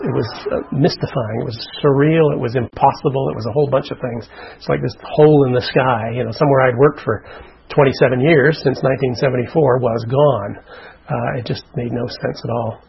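A man's voice: mid-range voice, steady tone, a little fast, gravelly, muffled recording, a little hiss or hum. A man recounting a personal story in an interview, in an earnest way, acting out what people said. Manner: earnest storytelling, acts out quotes. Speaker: interviewee, survivor.

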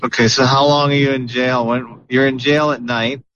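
Male podcast host, mid-pitched, rambly with fillers; muffled lo-fi audio. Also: flat delivery, normal speed, fairly bright tone, a little hiss or hum. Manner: chatty, with many fillers and restarts. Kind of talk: casual chat.

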